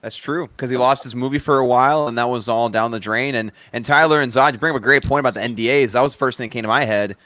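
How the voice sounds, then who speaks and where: A man jumps in eagerly during a casual podcast chat and talks quickly. His voice is mid-pitched and recorded dry and close. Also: fairly bright tone, no echo. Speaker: podcast co-host.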